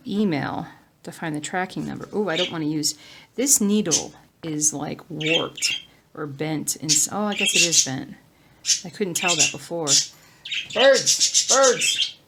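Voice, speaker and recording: A woman from the United States chatting casually at home while she stitches, rambling along and now and then dropping into soft whispers. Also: low-pitched, vocal fry, noisy background. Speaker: cross-stitch vlogger.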